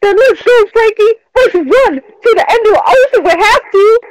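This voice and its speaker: A woman's voice: very high-pitched, animated, normal speed, no room sound, low-quality recording. A woman voicing a melodramatic, lovesick young runaway in a put-on Brooklyn accent that drifts Southern. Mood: pleading. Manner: melodramatic, pleading. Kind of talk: let's play voice acting.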